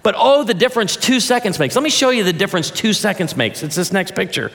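A man's voice: high voice, animated, fast, heavy background noise. A man in his forties preaching a humorous sermon, joking with the audience and then turning heartfelt. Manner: playful, addresses the audience directly, jokes then turns heartfelt. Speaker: pastor. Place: large hall or church auditorium, before an audience. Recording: long reverb of a large hall.

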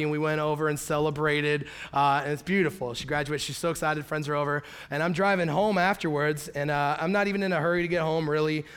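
A man in his thirties preaching a sermon in a church, telling stories in a lively, animated way and acting out quotes. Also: a little high, smooth. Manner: animated storytelling, acts out quotes. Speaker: pastor. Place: church sanctuary. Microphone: handheld or headset mic.

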